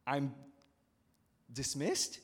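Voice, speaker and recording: A man voicing a shrewd, smug male steward who talks in a smooth, self-assured, cooing way, heard with long hall reverb. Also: mid-range voice, expressive, drawn-out words, voice pushed up. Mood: shocked.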